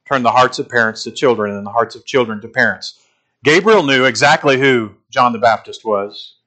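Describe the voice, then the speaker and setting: A man preaching an expository sermon, emphatic and slowing down to stress key phrases. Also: medium pitch, bright, forceful tone.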